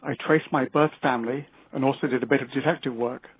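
A man's voice: mid-range voice, fairly even intonation, quick pace, husky, no room sound. A man calling in to a radio show, speaking politely and plainly. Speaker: caller. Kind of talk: phoned-in listener message. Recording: tinny phone line.

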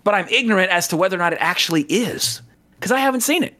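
A man's voice: sits high, expressive, quick pace, bright, forceful tone. A man from the American South in casual podcast chat, rambling with many fillers, restarts and asides. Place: Southern California.

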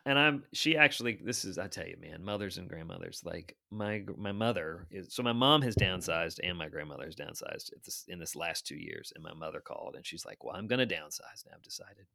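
Man, fifties, author guest; low, bright, gravelly voice; animated anecdotal storyteller. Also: fairly quick, hardly any pauses. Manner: animated storyteller, chatty asides.

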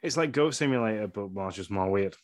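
A man's voice: on the low side, animated, a little fast. A man joking around with a co-host in a casual gaming podcast, laughing often.

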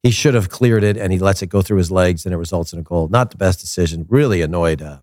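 A man hosting a casual soccer commentary show, opinionated and animated, repeating his points for emphasis. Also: low voice, fast, no room sound, clean studio sound. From United States.

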